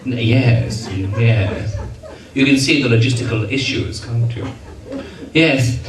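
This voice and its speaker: Medium in pitch and slow in pace, an entertainer banters and teases his audience in comic stage patter. The function hall recording is roomy and distant, with the live crowd audible.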